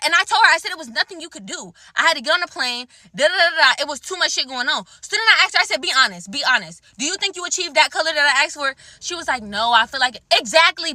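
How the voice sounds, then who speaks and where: A woman's voice: sits high, pushed and bright, dry recording. A woman telling a story time to her viewers, heated and full of swearing. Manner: heated, profane and emphatic. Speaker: vlogger.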